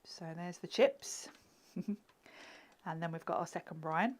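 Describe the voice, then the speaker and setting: A woman's voice: fairly low pitch, measured pace. Giggly woman demonstrating crafts. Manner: chatty, giggly, often drops to a murmur while working.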